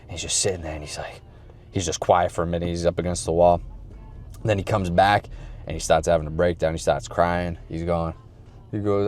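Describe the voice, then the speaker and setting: Low-voiced man telling a loose story. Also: fairly even intonation, a little fast, darkish tone. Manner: loose, profane storytelling with acted-out quotes. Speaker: podcast host. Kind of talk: casual chat.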